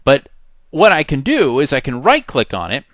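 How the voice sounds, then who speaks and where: A man teaching a software tutorial in a conversational, step-by-step way. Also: mid-range voice, huge pitch swings, normal speed, dry recording. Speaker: software instructor. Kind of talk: screen-recorded tutorial.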